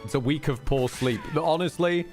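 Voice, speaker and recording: A man's voice: a little high, brisk, over music. A man streaming a video game, chatting casually in a playful, crude and jokey way. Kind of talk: casual gameplay commentary.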